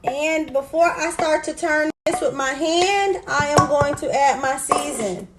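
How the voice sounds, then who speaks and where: A woman's voice: high-pitched, measured pace, loud music behind the voice, low-quality recording. A woman hosting a home cooking video, chatty and explaining each step as she cooks in her kitchen. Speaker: cooking show host. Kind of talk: casual cooking demonstration.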